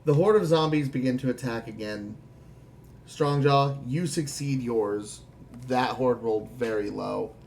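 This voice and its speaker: A man's voice: medium pitch, unhurried, gravelly, darkish tone, slight background noise. Man narrating a tabletop game. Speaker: game master.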